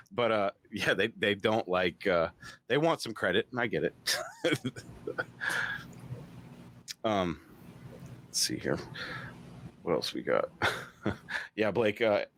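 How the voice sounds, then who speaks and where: A man's voice: fairly low pitch, lively intonation, takes it slowly, long pauses, fairly bright tone, slight background noise. Laughing, easygoing man hosting a live show. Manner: laughs often, reads viewer comments. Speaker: podcast host. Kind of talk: casual live-stream chat.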